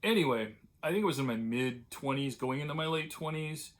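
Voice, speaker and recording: An older man from California, talking straight to his own camera in a loose, digressive way, full of fillers and restarts. His voice sits at an everyday middle pitch, and he turns wistful and tender when he recalls friends he has lost. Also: animated, a little fast. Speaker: vlogger. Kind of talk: casual reminiscing monologue.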